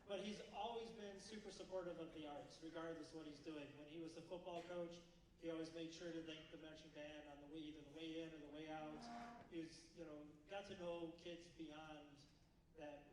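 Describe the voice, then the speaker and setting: A man's voice: a little high, steady tone, fairly quick. A man, a band director, introducing a guest at a school concert in a chatty, storytelling way with plenty of fillers. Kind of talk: casual stage introduction. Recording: echoey hall from far off, noisy.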